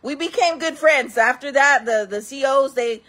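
A woman vlogger telling wild stories in casual talk, laughing often, calling her viewers friends and acting out other people in loud voices. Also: high-pitched, moderate pace. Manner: acts out quoted people in loud raised voices.

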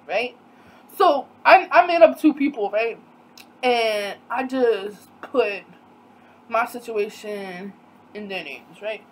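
A young woman telling a storytime vlog in a casual, animated way, acting out quoted dialogue with disbelief. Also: fairly high pitch, takes it slowly, pauses often, a little hiss or hum, low-quality recording. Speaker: vlogger.

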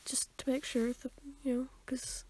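A woman's voice: high voice, flat delivery, unhurried, a little mellow, in a whisper. A young woman, co-hosting a casual podcast, talking hesitantly with many restarts. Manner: hesitant, full of likes and restarts. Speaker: podcast co-host. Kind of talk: casual chat.

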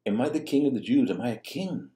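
A man quoting a calm male prisoner on trial who challenges his judge with probing questions. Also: medium pitch, quick pace, reverberant, voice pushed up, close to an everyday voice.

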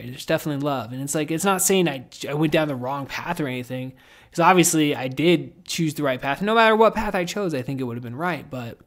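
Rambling, higher-voiced male podcast host. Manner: rambling and reflective, heavy filler words and casual swearing. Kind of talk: casual podcast chat.

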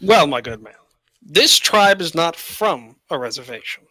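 A man voicing a large, refined orc chieftain with a British accent, speaking formally and deliberately. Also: a little high, very animated, sharp tone, no echo, full character voice. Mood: dignified. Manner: formal, measured.

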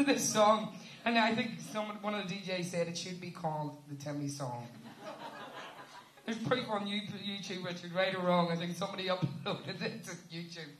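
A woman's voice: on the low side, normal speed. A woman fronting a band, chatting and joking with the audience between songs at a live gig in a village hall. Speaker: band singer talking to the audience. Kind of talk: live stage banter.

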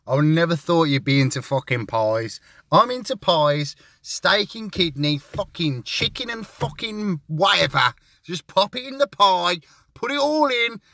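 A young man tells a crude, sweary comic story. His pitch jumps all over as he acts out chats, and the sound is dry with no room around it. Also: sharp tone, no room sound. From West Midlands, England. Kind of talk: rambling comic monologue.

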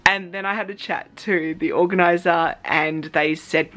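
An Australian woman chatting in a casual vlog, telling a story with excitement and acting out her own reactions. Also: fairly low pitch, normal speed, hardly any pauses. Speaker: cosplay vlogger.

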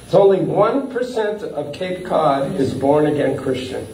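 A man delivers a sermon in a high voice, animated and quick to chuckle. He stumbles through uh and repeated words as he goes. The mic is some distance off, so the hall's echo and a faint hiss of room noise carry around him. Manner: animated, chuckling often, with frequent uh fillers and repeats. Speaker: pastor. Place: church hall. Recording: echoey hall, from far off.

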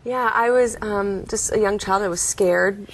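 A woman's voice: medium pitch, unhurried, breathy edge. A young adult woman, a guest in an interview, telling her story in an earnest way and acting out quoted voices. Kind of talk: interview testimony.

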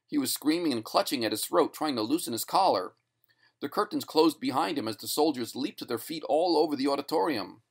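A man reading a short story aloud in a steady, measured narration. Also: fairly high pitch, gravelly, husky.

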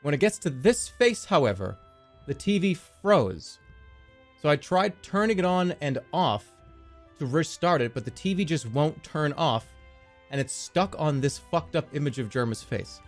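High, lively-voiced streamer man. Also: measured pace. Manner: excitable, jokey, prone to laughing fits. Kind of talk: casual livestream chat, reading viewer stories aloud. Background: faint music.

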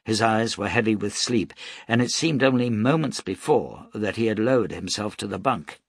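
A man narrating an audiobook in a measured, dramatic storytelling manner. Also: fairly low pitch, vocal fry, slightly rough, no room sound, studio quality.

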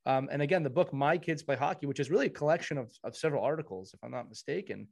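A man's voice: fairly high pitch, expressive, rapid-fire, gravelly, a little mellow. A man hosting a casual podcast, talking in an effusive, earnest way as he praises his co-hosts. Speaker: podcast host.

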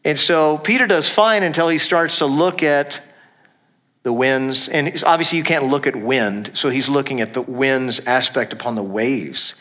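Middle-aged male pastor, mid-pitched voice, casual and chatty sermon delivery. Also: moderate pace, a bit bright. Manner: conversational preaching with laughs and self-corrections.

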